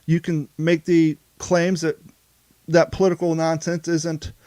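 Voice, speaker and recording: A man with a slightly high voice co-hosts a podcast in a loose, rambling way, often circling back and restarting his sentences. The sound is dry and close, with no room around it. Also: flat delivery, unhurried, a little mellow, dry recording. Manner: rambling, self-interrupting. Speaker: podcast co-host. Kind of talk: casual podcast chat.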